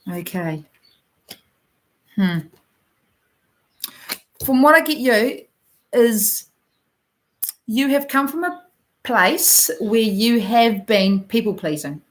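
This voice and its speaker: A woman with a New Zealand accent giving a gentle, encouraging oracle card reading to viewers, talking directly to them with plenty of ums. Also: on the high side, poor audio.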